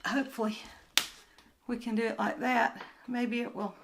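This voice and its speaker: An older woman with a Southern US accent, chatting casually to camera while unboxing crafts, rambling and often trailing off into soft murmurs. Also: fairly high pitch, little pitch movement, normal speed, vocal fry, slight background noise, poor audio. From Southern United States. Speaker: crafts vlogger and booth vendor. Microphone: handheld phone camera.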